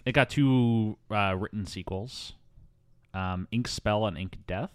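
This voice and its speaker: A man's voice: lowish voice, slow pace, smooth, no room sound. A man hosting a casual movie podcast, chatty with frequent ums and asides. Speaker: podcast host.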